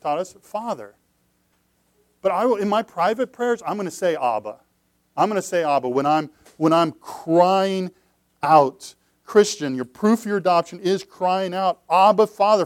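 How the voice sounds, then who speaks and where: A pastor preaching a sermon, earnest, repeating phrases and moving between hushed, low passages and loud, emphatic cries. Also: male voice, no room sound.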